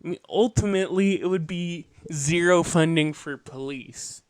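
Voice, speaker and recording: A man with a high, smooth voice talks slowly through an earnest political monologue. He lectures with asides and quick self-corrections. His voice is recorded close and dry. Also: no room sound. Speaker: podcast host.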